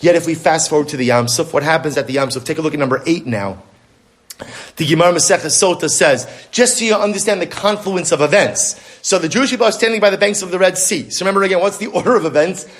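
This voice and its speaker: Animated male rabbi lecturing. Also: fairly high pitch, fast talker. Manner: animated, rhetorical questions. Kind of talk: religious lecture to women.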